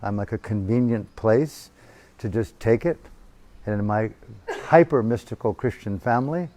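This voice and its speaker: A man teaching a meditation retreat, telling a family story in an animated, profane way into a handheld microphone. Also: lowish voice, normal speed, no room sound. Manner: animated, profane, acting out voices. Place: retreat hall.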